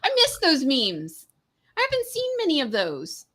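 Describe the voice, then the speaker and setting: A woman's voice: sits high, huge pitch swings, normal speed, bright, forceful tone. A woman co-hosting a casual chat show, teasing and laughing often. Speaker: co-host.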